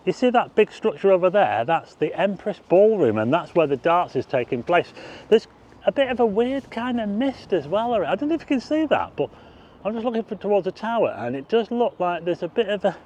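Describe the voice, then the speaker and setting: A middle-aged vlogger gives a chatty, meandering walking tour of town streets, tossing asides to the viewer. His voice is high-pitched with a darkish tone, and the slightly dull outdoor recording has slight background noise.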